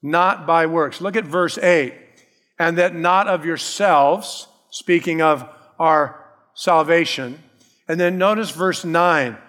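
A man's voice: a little high, slow, fairly bright tone. Preaching man in a reverberant hall. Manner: emphatic preaching, calls out "Amen?", acts out quoted voices. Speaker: pastor. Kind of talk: sermon.

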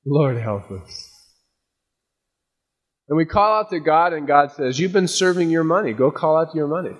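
A man's voice: on the high side, fast, long reverb tail. A male pastor giving a conversational sermon that moves between plain explanation and emphatic warnings. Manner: conversational preaching, emphatic warnings, acts out quotes. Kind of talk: expository sermon.

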